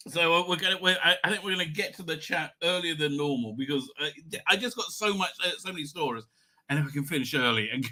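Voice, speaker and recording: A middle-aged man hosting a live stream, tipsy and rambling with many halting restarts. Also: a little high, bright, forceful tone.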